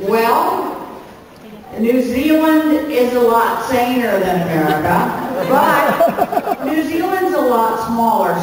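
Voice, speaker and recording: A woman in her sixties from Canada, talking candidly and chattily, with frequent laughter running through her answers. She is picked up from far across a big hall, so her voice sounds distant and swims in heavy reverb, with a faint hiss underneath. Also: medium pitch. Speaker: convention panel guest, actress. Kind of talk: candid Q&A on a convention stage. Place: large convention hall stage.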